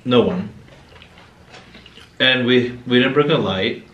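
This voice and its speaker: A man's voice: mid-range voice, slow, fairly bright tone, muffled recording. A man co-hosting a vlog and telling a story casually. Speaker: co-host. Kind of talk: casual chat. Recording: echoey room, mic at a distance.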